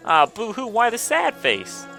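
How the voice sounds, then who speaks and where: Amateur male voicing a smug, taunting imp, pitched up with lively swoops. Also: fast, soft background music, full character voice. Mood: mocking. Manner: sneering, mocking taunts.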